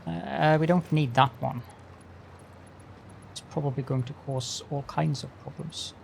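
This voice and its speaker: A man with a slightly high, gravelly voice speaks unhurriedly in a steady tone while streaming a factory-building game, with a little hiss or hum present. Greeting chat with mock-formal politeness, he chats with viewers and playfully narrates each step.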